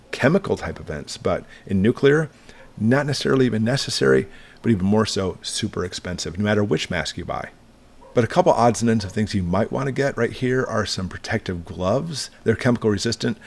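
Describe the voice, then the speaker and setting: A man's voice: on the low side, expressive, fairly quick, vocal fry. A middle-aged man hosting a prepping channel, walking through gear in a casual, plain-spoken, reassuring way. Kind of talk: casual product walkthrough.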